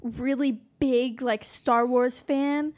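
A young adult woman co-hosting a podcast in casual chat, animated and laughing often as she talks. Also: high-pitched, slow pace. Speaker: podcast co-host.

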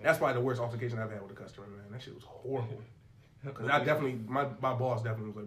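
A man's voice: mid-range voice, racing, a bit bright, a little hiss or hum. A young man in casual chat, animatedly telling a profane work story and acting out both sides of the dialogue.

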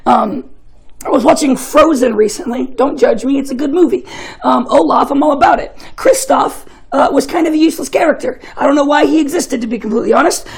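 A man's voice: very high-pitched, brisk, creaky, low-quality recording. A young man giving a casual, joking sermon, telling chatty stories and often laughing. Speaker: preacher.

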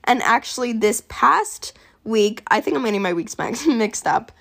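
A woman's voice: a little high, expressive, normal speed, creaky, fairly bright tone. A young adult woman talking casually to camera in a vlog, chatty and candid, with plenty of fillers and some swearing. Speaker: vlogger.

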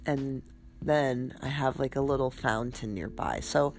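A woman hosting a podcast, talking casually about spiritual self-care while a little stuffed up, in a relaxed, chatty way. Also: rumbling low, unhurried, gravelly, slight background noise. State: stuffed up, congested. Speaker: podcast host.

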